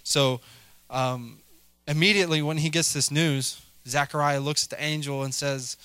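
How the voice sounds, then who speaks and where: A man's voice: fairly high pitch, steady tone, moderate pace, pushed and bright, clean tone, no echo. A middle-aged man preaching a casual sermon, chatty, with many fillers and a habit of asking "right?". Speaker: lay preacher.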